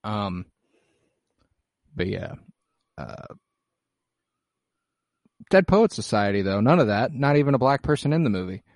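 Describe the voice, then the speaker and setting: A young man talks through a film in a loose co-host chat, his voice sitting a little low. He rambles, swears freely and leans on fillers, recorded close and dry with no room sound. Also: measured pace, pauses often, no echo. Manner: relaxed, rambling, profane, filler-heavy. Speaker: podcast co-host. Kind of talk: casual movie-review chat.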